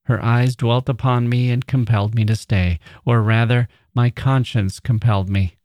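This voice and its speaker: A man reading a classic short story aloud in a measured, expressive way. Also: medium pitch, dry recording, clean studio sound. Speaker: podcast host and reader.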